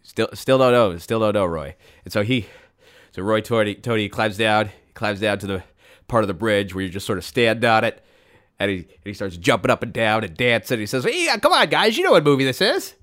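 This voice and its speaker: A man telling a rambling, absurd comic story in a deadpan way, with sudden excited bursts. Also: lowish voice, brisk. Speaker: comedic storyteller.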